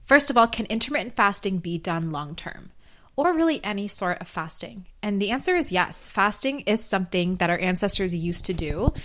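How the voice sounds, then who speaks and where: A woman hosting a solo health podcast, earnest and explanatory, hoarse from losing her voice. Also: medium pitch, animated, moderate pace, fairly bright tone. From North America. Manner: earnest, explanatory, with fillers and restarts. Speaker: podcast host.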